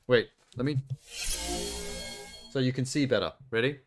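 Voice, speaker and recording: A man's voice: mid-range voice, lively intonation, takes it slowly, music in the background. A young man live-streaming, chatting casually and making crude jokes while browsing trailers. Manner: joking, crude, rambling commentary.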